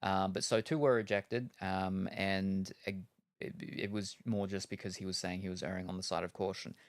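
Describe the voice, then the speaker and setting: A man's voice: low voice, level tone, moderate pace, no echo. Rambling, jokey male streamer, dry sound. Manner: rambling and jokey, with many fillers. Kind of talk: casual chat while gaming.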